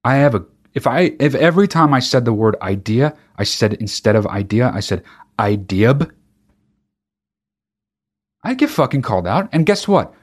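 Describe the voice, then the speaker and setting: A man's voice: medium pitch, big pitch swings, brisk, hardly any pauses. A man hosting a podcast, talking alone in a casual monologue, ranting with emphatic profanity and frequent restarts. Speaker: podcast host.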